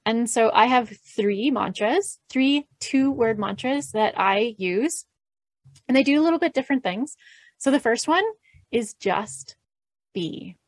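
A woman's voice: a little high, lively intonation, no echo. Woman explaining breath mantras, dry close sound. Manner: gentle, soothing, measured with light laughs. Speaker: podcast host and guest expert. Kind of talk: calm instructional explanation.

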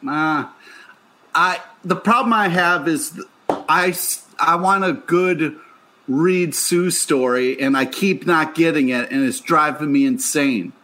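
A man's voice: a little high, slow, pushed and bright, slight background noise. A man co-hosting a podcast in casual chat, wry and exasperated. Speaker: podcast co-host.

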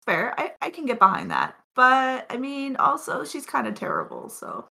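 A woman co-hosting a podcast in casual chat, adding wry, quick comments. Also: high-pitched, huge pitch swings, creaky, bright, forceful tone, husky. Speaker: podcast co-host.

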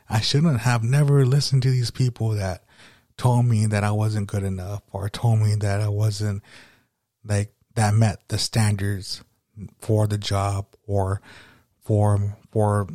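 A man's voice: on the low side, mellow, dry recording, studio quality. A man hosting a solo motivational podcast, rambling and swearing casually as he talks. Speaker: podcast host.

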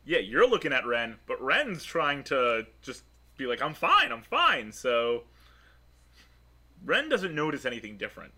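Lively, bright-voiced man running a tabletop game. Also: mid-range voice, unhurried. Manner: lively, animated narration. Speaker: game master.

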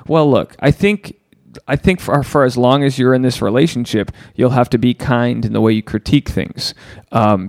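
A man hosting a podcast, giving casual advice and answering listener emails in an animated way, swearing freely and acting out the voices he quotes. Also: medium pitch, no room sound, clean studio sound. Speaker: podcast host.

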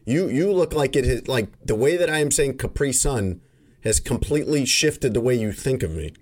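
A man's voice: mid-range voice, lively intonation, normal speed, darkish tone. A man from Chicago chats on a podcast in an everyday, mid-range voice. He wanders through long stories and often stops to correct himself. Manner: rambling, self-correcting storyteller. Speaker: podcast host. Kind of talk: casual chat.

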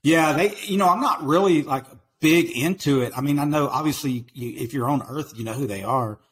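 A man's voice: on the high side, brisk, a bit bright, breathy edge, rough recording. A man with an East Texas country accent, a podcast guest talking in a laid-back, casual way. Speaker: podcast guest, business owner. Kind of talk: casual interview chat.

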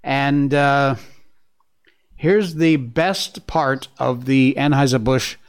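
A man's voice: medium pitch, steady tone, takes it slowly, smooth. A middle-aged man hosting an online news commentary show, emphatic and sarcastic, often laughing at the news he covers. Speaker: host. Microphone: studio mic with earpieces.

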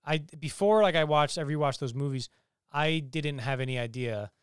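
A man co-hosting a casual film podcast talks in an animated way, swears a lot, and acts out lines from scenes. His voice sits a bit high and sounds smooth and clear, with a dry, close sound. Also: moderate pace, dry recording. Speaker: podcast co-host. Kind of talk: casual chat, film review.

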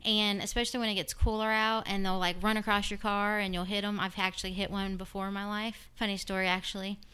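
A woman's voice: medium pitch, little pitch movement, quick pace, sharp tone, clean tone. Rambling woman podcast host. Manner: rambling, drifts off topic. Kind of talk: casual podcast chat.

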